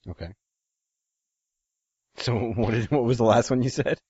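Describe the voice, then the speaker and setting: A man's voice: medium pitch, unhurried, darkish tone, slightly rough, no echo, lo-fi sound. A laid-back man co-hosting a podcast in casual chat. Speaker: podcast co-host.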